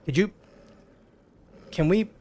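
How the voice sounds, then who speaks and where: A young man, streaming a video game in an animated, jokey way. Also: high voice, noisy background. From American South. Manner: animated, jokey, quick exclamations. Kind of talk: casual gaming commentary.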